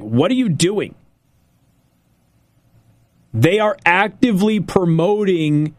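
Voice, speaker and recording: A male talk radio host with a slightly raised pitch, speaking at an unhurried, deliberate pace. His delivery is emphatic and sarcastic, and he repeats points slowly for effect. The recording is dry and close, with no room sound. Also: dry recording. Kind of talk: political talk radio monologue.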